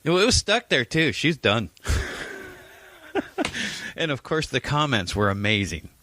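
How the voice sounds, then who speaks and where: A man's voice: mid-range voice, big pitch swings, unhurried, bright, forceful tone, a little hiss or hum. A man co-hosting a casual podcast, crude and teasing, swearing freely as he tells stories. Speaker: podcast co-host. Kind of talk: casual chat.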